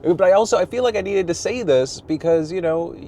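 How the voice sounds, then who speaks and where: A man in his forties vlogs from a parked car in a high, brisk, mellow voice, talking candidly and ramblingly to viewers while laughing often, cursing freely and making self-deprecating jokes. A little hiss or hum is audible.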